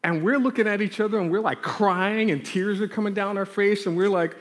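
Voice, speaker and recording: A man telling a lively childhood story in a sermon and then leading a prayer, acting out the scenes as he goes. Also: high-pitched, fairly quick. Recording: long hall reverb.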